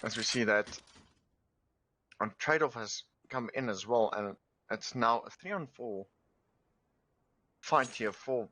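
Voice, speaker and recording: A man's voice: medium pitch, slow pace, long pauses. A man giving live play-by-play commentary on an esports match. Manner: steady play-by-play. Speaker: esports caster. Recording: faintly noisy stream audio.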